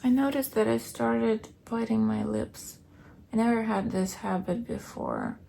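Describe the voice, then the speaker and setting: Woman, actor, weary diary voice; fairly high, heavy vocal fry, soft and often whispering. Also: very animated, measured pace. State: weary, low on energy. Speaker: actor keeping a video diary. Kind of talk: late-night video diary.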